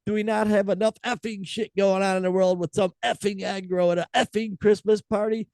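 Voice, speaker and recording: Older man doing an enraged woman rock singer: high, shrill, swearing, relentless. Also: level tone, brisk, creaky, darkish tone, dry recording, studio quality. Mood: furious. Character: furious woman rock singer scolding a crowd.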